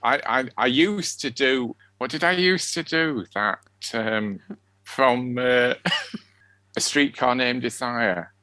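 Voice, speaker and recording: A man's voice: medium pitch, slow pace, sharp tone, dry recording. A man with a Sheffield accent co-hosting a podcast, chatting casually and giggling as he rambles. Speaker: podcast co-host. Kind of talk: casual chat.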